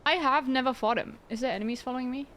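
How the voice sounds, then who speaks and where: A woman's voice: high voice, fast, a bit bright, slight background noise. A young woman streaming a game, chatting casually with her viewers in a sarcastic, giggly way. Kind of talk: casual gameplay livestream chat.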